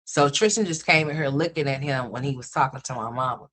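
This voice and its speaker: A woman's voice: a bass voice, quick pace, fairly bright tone. A mother hosting a casual livestream, telling a long story to her viewers in a rambling, repetitive way and calling them y'all and honey.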